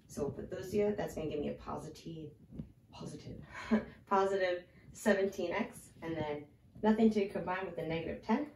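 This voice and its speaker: A woman's voice: lowish voice, brisk, creaky, a little mellow, a little hiss or hum. A woman teaching a casual math lesson at a whiteboard, talking through each step aloud and chatting with a small child she holds. She sounds slightly out of breath. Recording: echoey room, voice from a distance.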